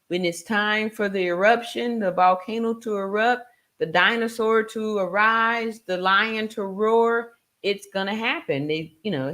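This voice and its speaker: A middle-aged woman talking casually to her audience, chatty, laughing often and tagging her points with rhetorical questions. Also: medium pitch. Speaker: commentator. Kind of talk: casual monologue.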